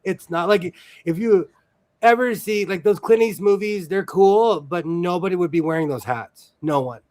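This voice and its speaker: A man's voice: high-pitched, moderate pace, darkish tone. A man from the US West Coast hosting a casual sewing chat, rambling and laughing often as he tells stories. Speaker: sewing stream host.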